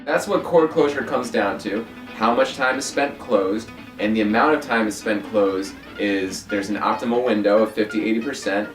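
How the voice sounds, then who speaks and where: A man vocal coach explaining breath and vocal fold closure in a relaxed, conversational way. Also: on the low side, moderate pace, hardly any pauses, soft background music. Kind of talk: instructional video. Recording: roomy, from a distance off-mic.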